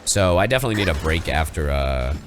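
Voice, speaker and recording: Deep-voiced stuffy man streaming a game. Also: animated, fast, over music. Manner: chats with viewers while reading along. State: stuffy nose. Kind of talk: casual game commentary.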